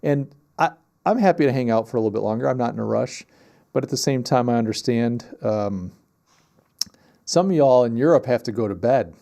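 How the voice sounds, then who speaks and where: A man in his fifties hosts a casual livestream from his home office. He rambles reflectively, as if thinking out loud over a beer. His voice is mellow and mid-pitched. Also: animated, brisk, creaky. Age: 50s. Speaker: livestream host.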